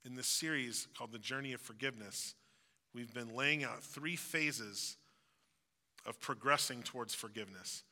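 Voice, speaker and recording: A man preaching a conversational sermon, relaxed and reflective, acting out everyday phrases to make his point. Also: mid-range voice, moderate pace. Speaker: pastor. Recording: long hall reverb.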